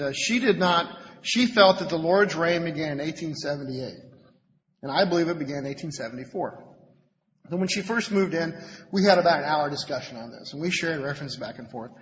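A man giving an informal sermon as a lay preacher at a Bible study meeting, conversational and halting, often repeating words as he searches for them. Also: fairly high pitch, a bit bright. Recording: lo-fi with long hall reverb, faint noise.

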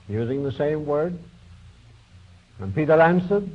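Man preaching, chatty storytelling sermon, kinda high voice, muffled old-tape sound. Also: sing-song, normal speed. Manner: folksy storytelling, quotes figures in small voice shifts. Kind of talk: sermon retelling a Bible story. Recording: dull lo-fi recording.

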